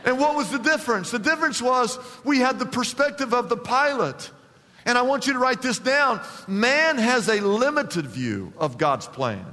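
A man pastor preaching a sermon emphatically, with big swings in pitch and loudness, in a church. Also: in a large hall.

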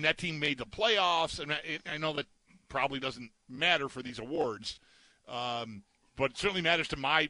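A man's voice: a little high, sharp tone, dry recording. A man co-hosting a sports talk show, rambling casually and stammering through many restarts. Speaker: co-host. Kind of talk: sports betting radio chat.

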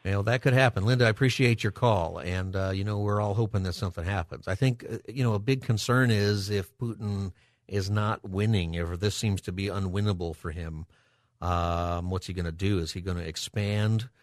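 A man hosting a call-in radio show, thinking aloud and halting with ums and restarts. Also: fairly low pitch, fairly even intonation, no echo, studio quality.

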